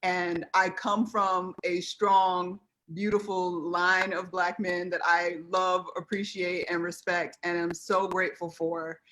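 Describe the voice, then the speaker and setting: A woman's voice: fairly low pitch, flat delivery, slow, hardly any pauses, fairly bright tone. An American woman speaking as a guest on a live video chat, earnest and heartfelt, close to tears. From United States.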